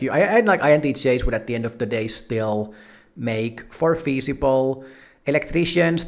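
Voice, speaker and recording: A man talking in a casual, rambling monologue, swearing freely and restarting his sentences often. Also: fairly high pitch. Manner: rambling, profane, many restarts and fillers. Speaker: YouTube personality-type commentator.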